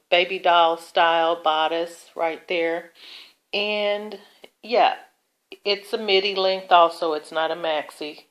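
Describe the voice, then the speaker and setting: A woman vlogger talks through her thrift store dresses in a relaxed, unhurried way. Her voice sits a little low, and she pauses with fillers and corrects herself as she goes. She has a light, self-deprecating touch. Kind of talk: casual show-and-tell vlog.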